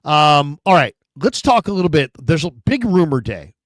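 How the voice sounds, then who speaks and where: A man hosting a sports talk show in casual chat, telling stories with lively acted-out quotes. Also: a little high, moderate pace, no room sound, studio quality. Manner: animated storyteller, acts out quotes.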